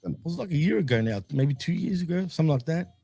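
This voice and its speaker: A fairly high-voiced man with an Australian accent chats on a podcast in a laid-back, joking way. His voice sounds dry and close, with faint music underneath. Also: lively intonation, fast talker, creaky, mellow, slightly rough, no echo. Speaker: podcast co-host. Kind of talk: casual podcast chat.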